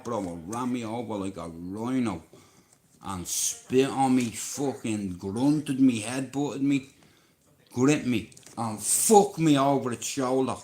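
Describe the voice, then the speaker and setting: A man with a Dublin accent telling rambling, swear-laden stories during a casual live stream. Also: lowish voice. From Dublin, Ireland. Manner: drawn-out, rambling anecdotes with swearing and "bro". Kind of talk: casual livestream storytelling.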